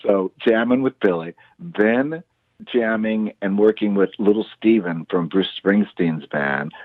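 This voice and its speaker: Low husky man on a tinny line. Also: unhurried, no room sound. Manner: enthusiastic, animated storyteller acting out quotes. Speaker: musician guest, show host. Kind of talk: casual interview storytelling.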